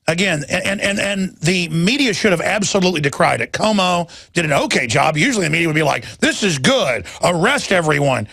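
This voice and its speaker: A man's voice: high voice, quick pace, gravelly, few pauses, bright, forceful tone, breathy edge, no echo. A man hosting a talk radio show, delivering a heated, emphatic rant full of stammered restarts. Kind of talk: ranting talk radio monologue.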